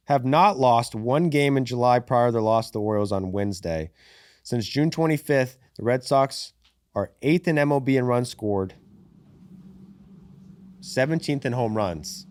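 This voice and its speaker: A man hosting a casual sports podcast, reading out stats and trading sarcastic jabs, swearing freely. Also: medium pitch. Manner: reads out stats with animated delivery. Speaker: podcast host.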